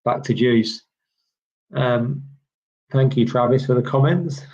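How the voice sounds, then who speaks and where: A man's voice: mid-range voice, slow, a little mellow. Chatty male tennis stream commentator. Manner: chatty and rambling, reading viewer chat, many "um"s. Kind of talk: casual live play-by-play commentary. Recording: slightly dull lo-fi stream audio.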